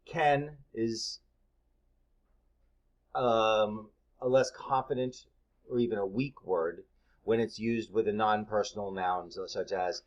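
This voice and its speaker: A man's voice: lowish voice, steady tone, slow, pauses often. A middle-aged man, a massage therapist, giving casual, candid advice in a blunt, conversational way with plenty of fillers.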